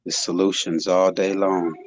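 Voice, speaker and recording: A man's voice: sits low, flat delivery, measured pace, dry recording. A man hosting a casual live online panel chat, talking in a laid-back, musing way. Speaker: host. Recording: dull dry lo-fi online audio.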